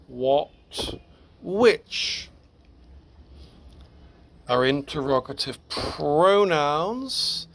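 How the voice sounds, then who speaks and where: A man's voice: on the high side, a bit bright. A man teaching Spanish grammar in a recorded lesson, explaining patiently step by step with the occasional small laugh.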